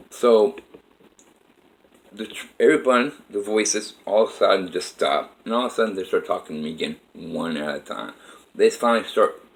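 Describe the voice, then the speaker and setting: A man's voice: lowish voice, fairly bright tone, rough recording. A man telling a personal story in a rambling, emphatic way with many fillers.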